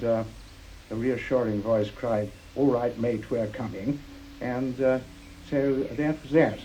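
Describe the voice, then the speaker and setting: An older man recounting a personal memory in an understated, halting way, with frequent pauses and fillers. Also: mid-range voice, dark tone, slight background noise, poor audio. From Britain. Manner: understated, halting, with many uhs. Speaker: interviewee, war veteran. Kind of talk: personal recollection.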